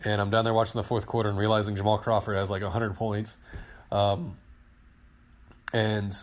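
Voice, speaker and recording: A man in his thirties on a podcast, telling a long story in a casual, excited, rambling way and acting out what people said. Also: on the low side, normal speed. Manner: excited, rambling storyteller who acts out quotes. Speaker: podcast co-host, team digital director.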